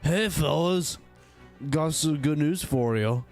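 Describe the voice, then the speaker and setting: A laid-back middle-aged mechanic with a drawling Californian accent, as a man puts him on while reading along. He speaks slowly, with background music faintly under him. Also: fairly high pitch, a little mellow. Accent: Californian, put on.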